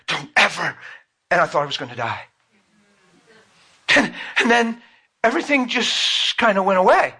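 A man's voice: high voice, vocal fry, pushed and bright, breathy edge. A man preaching a sermon, telling a personal story with fervent, emotional storytelling.

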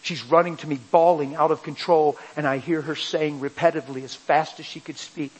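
A man preaching a sermon, telling an emotional personal story and building to loud, fervent passages. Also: a little high, fairly even intonation, a little fast, husky, low-quality recording.

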